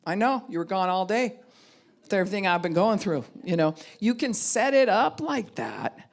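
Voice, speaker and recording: A middle-aged woman pastor talks through a teaching session in a plain, candid way. Her voice sits at an ordinary middle pitch, and she acts out the people she quotes as she goes. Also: sing-song, moderate pace. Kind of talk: conversational teaching talk.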